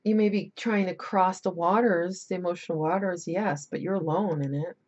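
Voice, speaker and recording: Woman tarot reader, low voice, rambling emphatic delivery, muffled lo-fi recording. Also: steady tone, normal speed, a little mellow, breathy edge. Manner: chatty, rambling, emphatic warnings. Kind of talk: casual tarot reading.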